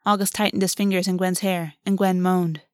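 A woman narrating a novel in an even, measured audiobook reading. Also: on the low side, no echo, studio quality. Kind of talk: scripted narration.

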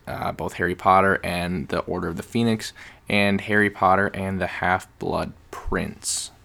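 A man with a very low, gravelly voice hosts a casual podcast chat. He explains things in long, rambling turns and slips in jokes as he goes. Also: a bit bright. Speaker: podcast host.

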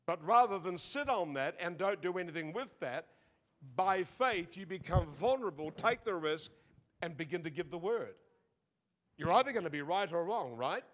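A man preaching a sermon, telling a story in a lively way and acting out the quotes. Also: high-pitched, normal speed. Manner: animated storytelling, acts out quotes, laughs often.

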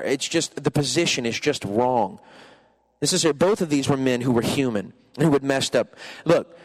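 A man preaching a sermon, animated and conversational, shifting between lively asides and quiet earnest passages. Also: mid-range voice. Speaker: pastor.

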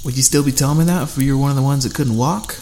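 A man voicing a calm, fair-minded man leading a group of survivors, speaking in a reasoned way. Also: medium pitch, rapid-fire, a little hiss or hum, pitched above the performer's own voice, natural voice.

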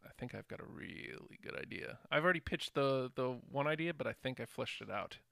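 A man's voice: medium pitch, animated, fairly quick, gravelly, pushed and bright, dry recording, studio quality. A man co-hosting a casual wrestling podcast, laid-back and teasing. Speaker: podcast co-host.

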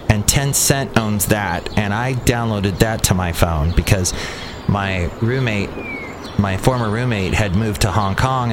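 A man's voice: fairly low pitch, background noise. A man hosting a casual solo podcast, rambling and sarcastic, talking to listeners. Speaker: podcast host.

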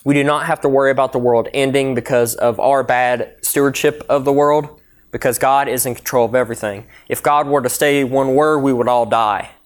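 A man's voice: mid-range voice, steady tone, brisk. Earnest young man preaching. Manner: earnest, emphatic, reads scripture aloud. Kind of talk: sermon with scripture reading.

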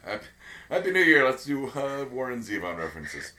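A man's voice: mid-range voice, very animated, moderate pace, long pauses, sharp tone, slight background noise. A man co-hosting a casual podcast chat, rambling with lots of fillers and restarts. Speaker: podcast co-host.

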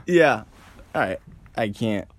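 A man's voice: on the low side, expressive, slow pace, no room sound. A young man co-hosting a podcast, chatting casually, rambling and joking with frequent laughs. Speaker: podcast co-host. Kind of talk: casual chat. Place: indoor room.

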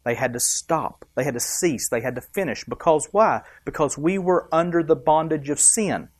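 A man's voice: on the high side, moderate pace, no room sound, studio quality. A man preaching a sermon, emphatic and rising and dropping for effect, asking the congregation questions. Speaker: pastor.

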